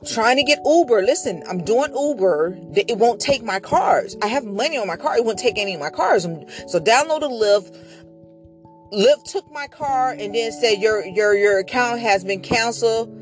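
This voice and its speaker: A woman's voice: on the high side, expressive, moderate pace, faint music behind. Chatty rambling woman podcast host. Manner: chatty and rambling, with lots of fillers; devout, often mentioning God. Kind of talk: casual storytelling monologue.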